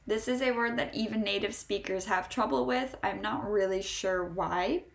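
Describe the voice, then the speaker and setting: An American woman with a General American accent, teaching English pronunciation and stretching out each example word slowly between brisk explanations. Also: mid-range voice, creaky, echoey room. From United States. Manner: slow, drawn-out model words between brisk explanations. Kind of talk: pronunciation lesson.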